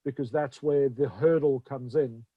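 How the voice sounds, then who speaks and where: A male interview host who asks questions in a halting way, restarting and stumbling over his words. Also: mid-range voice, fairly even intonation, slightly rough, no echo, highs cut off. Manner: halting, many fillers and restarts. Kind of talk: conversational interview.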